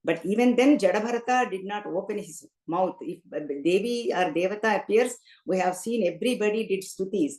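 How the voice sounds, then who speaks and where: A woman's voice: mid-range voice, a little mellow. Woman telling scripture stories in roomy hall. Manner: chants Sanskrit verses slowly between storytelling. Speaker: spiritual discourse speaker. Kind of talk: scriptural storytelling discourse. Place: temple hall.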